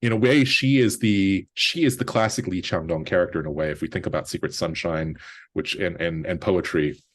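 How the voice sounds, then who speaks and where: A man with a notably deep, low voice speaks as a guest film critic. He talks in relaxed conversational analysis and often restarts his sentences mid-thought. Now and then he lifts his voice to quote a character. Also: brisk.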